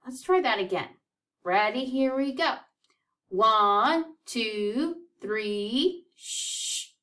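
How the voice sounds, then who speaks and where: A woman's voice: on the high side, lively intonation, very slow, fairly bright tone, recorded from a distance. A woman teaching a children's music lesson, counting beats aloud in an upbeat, encouraging way.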